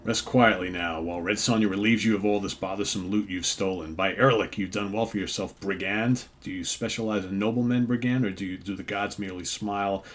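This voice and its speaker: A man voicing a bold, mocking female sword warrior from a comic, in his own fairly low voice. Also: fairly even intonation, brisk, few pauses, a little hiss or hum, natural voice. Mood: taunting. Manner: wry, taunting.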